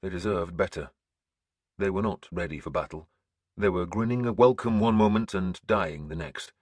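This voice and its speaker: Male audiobook narrator, grim and measured, very dry studio sound. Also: low-pitched, darkish tone, slightly rough, no room sound.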